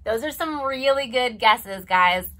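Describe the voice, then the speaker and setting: A young woman leading a preschool story time as a librarian, animated and sing-song, gasping in mock surprise. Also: fairly high pitch, measured pace. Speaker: children's librarian.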